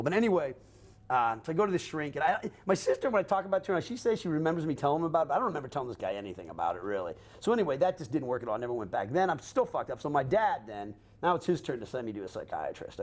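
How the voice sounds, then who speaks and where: An older man telling his own story in a rapid, profane way, acting out what others said to him. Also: mid-range voice. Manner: fast, animated, swearing often, acting out quotes. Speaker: guest recounting his life.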